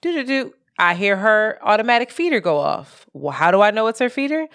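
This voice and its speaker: A woman co-hosting a casual podcast, telling a story in an animated way with sudden jumps in pitch and plenty of swearing. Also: fairly quick, smooth. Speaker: podcast co-host. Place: apartment in Brooklyn, street sirens outside.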